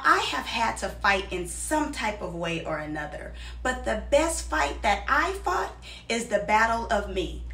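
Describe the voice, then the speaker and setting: A woman's voice: fairly high pitch, a bit bright, echoey room, far from the mic. A woman host reading a scripted, encouraging promotional message. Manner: encouraging, motivational. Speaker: show host.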